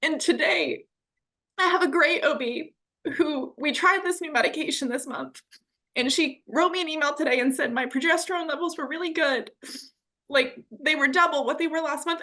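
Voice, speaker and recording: An eager woman chatting as a client on a call, quick to react. Her voice is high and bright. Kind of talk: casual conversation over a call.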